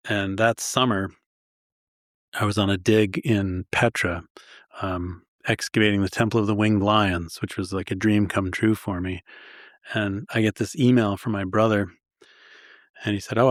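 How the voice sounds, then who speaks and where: A man's voice: fairly low pitch, steady tone, measured pace, no echo, clean studio sound. A male historian from Long Island, telling stories in a self-deprecating and enthusiastic way. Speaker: historian guest. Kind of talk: conversational storytelling.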